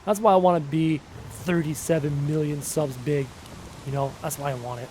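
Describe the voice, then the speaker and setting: Brief: high-voiced man streaming a game from home, answers chat questions casually, hums between thoughts. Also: fairly even intonation, moderate pace, warm tone, a little hiss or hum. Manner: reads viewer questions aloud and answers them chattily; hums little tunes to himself between thoughts. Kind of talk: casual live stream Q&A while playing.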